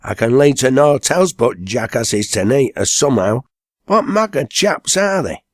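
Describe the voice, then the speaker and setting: A man's voice: mid-range voice, animated, measured pace, no room sound, clean studio sound, pitched above the performer's own voice. A man doing a scornful old Lancashire mower. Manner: scornful, blunt dialect.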